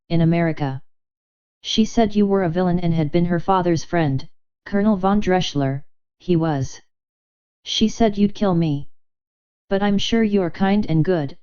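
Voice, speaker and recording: A woman's voice: fairly low pitch, dark tone, smooth, lo-fi sound, natural voice. A woman reading the part of a young woman putting on a silly, flustered act, babbling breathlessly.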